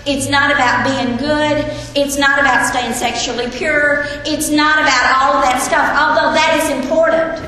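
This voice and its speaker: A woman gives an earnest Bible lesson, often turning questions back to her listeners. Her voice sits high and sounds bright. It rings out through a large hall with a long, lingering echo. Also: fairly even intonation, normal speed, few pauses, a little hiss or hum. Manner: earnest, asks the audience questions. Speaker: Bible teacher. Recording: echoey hall with long reverb, faint ambience.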